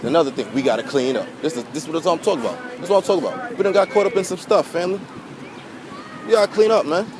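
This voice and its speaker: A man's voice: fairly high pitch, very fast, a crowd in the background. A man giving an impassioned, emotional monologue to camera outdoors by a pier, preachy and repetitive, swearing and calling his viewers family. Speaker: vlogger. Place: outdoors by a pier near water. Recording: outdoor wind and water noise.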